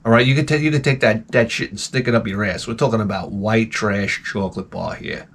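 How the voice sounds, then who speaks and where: A man's voice: on the low side, brisk, a bit bright. A man telling rambling, profane stories as a channel host and acting out his own reactions. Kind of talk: rambling casual monologue.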